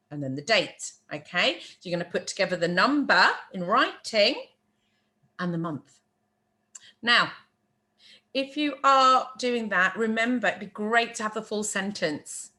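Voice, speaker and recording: A woman teaching a beginner French lesson, repeating phrases slowly and patiently, with chatty asides and quick apologies. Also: medium pitch, bright, forceful tone.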